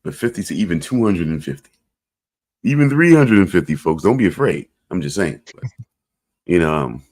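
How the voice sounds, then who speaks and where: A man's voice: extremely low pitch, lively intonation, fairly quick, darkish tone, breathy edge. A man co-hosting a podcast in casual, rambling chat, joking and hedging his points. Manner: rambling, joking, repeats "I'm just saying". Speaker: podcast co-host.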